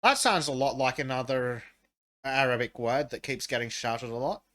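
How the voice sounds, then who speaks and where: A man hosting a podcast, chatting in an excitable way with stumbling restarts. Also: mid-range voice, normal speed. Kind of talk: casual chat.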